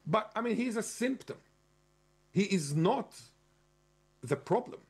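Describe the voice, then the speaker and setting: A man's voice: high voice, lively intonation, takes it slowly, darkish tone, slightly rough. A man giving an argumentative lecturing monologue, stressing key words and spelling out terms. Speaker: commentator.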